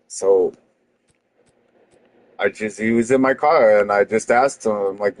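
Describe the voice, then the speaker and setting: A man's voice: lowish voice, level tone, normal speed, a little mellow, no room sound, poor audio. A young man, a streamer telling a heated story to his chat, swearing often and restarting his sentences.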